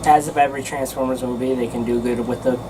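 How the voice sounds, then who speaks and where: A woman's voice: a bass voice, fairly even intonation, fast talker, very noisy. A woman co-hosting a casual film review, exasperated and emphatic, laughing often. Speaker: co-host.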